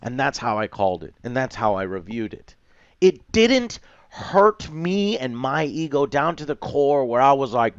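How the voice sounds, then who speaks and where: A man's voice: mid-range voice, big pitch swings, measured pace, smooth, no room sound, lo-fi sound. A man reviewing a show online, ranting passionately and swearing. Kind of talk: heated video commentary.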